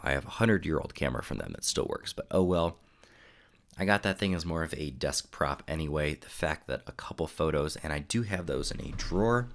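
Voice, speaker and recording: A young man who live-streams about photography chats loosely from his desk at home, his very low, gravelly voice thick with congestion. He sniffles as he rambles in a relaxed way and reads the chat out loud.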